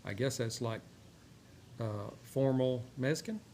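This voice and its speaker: A man from Texas with a drawl, hosting a cigar review show and chatting in a rambling, relaxed way with many filler words. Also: mid-range voice, a little slow, vocal fry. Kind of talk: casual chat while smoking a cigar. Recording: faint background noise.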